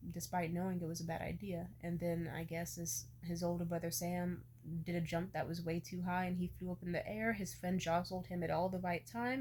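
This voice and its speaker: Young woman in her 20s doing a storytime, candid n emotional, swears a lot, lowish voice, faint noise behind. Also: vocal fry, a little mellow. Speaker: vlogger. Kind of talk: casual storytime.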